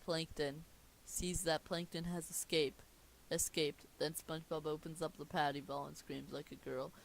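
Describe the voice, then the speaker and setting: A man's voice: on the high side, little pitch movement, moderate pace, creaky, a little hiss or hum. Young man stumbling through a comedy script. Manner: stumbling, amused, self-interrupting. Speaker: video host reading a script aloud.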